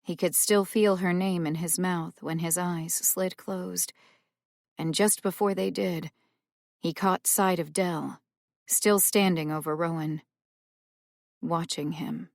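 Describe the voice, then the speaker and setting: A woman narrating a suspense audiobook in a measured, tense storytelling manner, close to the mic. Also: lowish voice, fairly even intonation, creaky, no room sound. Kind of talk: scripted narration.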